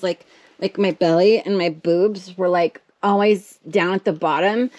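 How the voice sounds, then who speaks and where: A woman's voice: lowish voice, slight background noise. Chatty woman vlogging at her craft table. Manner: chatty, rambling, self-deprecating, with many fillers. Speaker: art vlogger. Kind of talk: casual chat to camera. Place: home art studio at a table.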